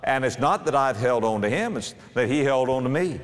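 A man in his fifties delivers a sermon, his pitch rising and falling with lively animation as he tells a folksy parable. His voice rings out with a long reverb, as in a large church hall. He slips in and out of character voices while teaching. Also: brisk. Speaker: preacher. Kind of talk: sermon with acted-out story.

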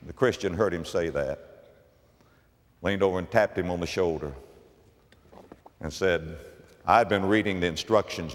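A man preaching a sermon in church, swinging from loud, high emphasis down to low, quiet asides. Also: a little slow, long pauses. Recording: long reverb of a church hall.

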